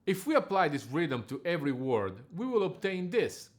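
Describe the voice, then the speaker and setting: A man coaching singers on diction in a measured, precise scripted lesson. His pitch rises and falls freely, giving the explanation an animated, melodic line.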